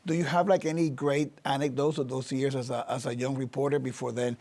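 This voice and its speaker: A man's voice: mid-range voice, flat delivery, brisk, a little mellow. A man hosting a conversational interview, affirming his guest and asking long questions. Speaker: interview host, university chancellor.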